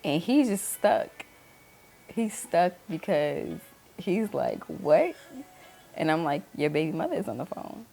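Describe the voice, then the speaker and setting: Woman in her 30s telling her story straight, kinda gravelly low voice, faint music under it. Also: big pitch swings, measured pace, dark tone. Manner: candid, acts out quoted voices. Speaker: host. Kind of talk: personal storytelling chat.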